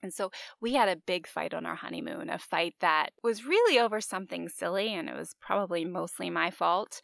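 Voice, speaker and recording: A woman in her forties hosting a faith-based podcast, telling a personal story in an animated, confiding way with soft whispered asides. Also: fairly low pitch, a little fast, creaky, no room sound. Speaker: podcast host.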